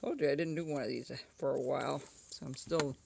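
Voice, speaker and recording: A woman's voice: a bass voice, steady tone, brisk, vocal fry, darkish tone, slight background noise. A woman casually talking through a woodcarving tutorial at home, chatty and often correcting herself. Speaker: woodcarving instructor.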